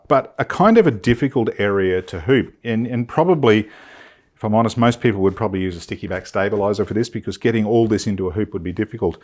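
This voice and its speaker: Friendly male demonstrator, lowish voice, relaxed chat full of fillers. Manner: chatty, enthusiastic, thinks aloud with fillers. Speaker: sewing demonstrator. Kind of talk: casual product demonstration. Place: film studio.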